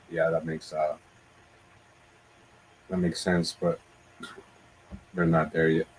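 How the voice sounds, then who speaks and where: A man's voice: low-pitched, completely flat delivery, normal speed, long pauses, a little mellow, slight background noise, poor audio. A man hosting a reaction video, laid-back and casual, reading text aloud with fillers. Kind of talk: casual commentary.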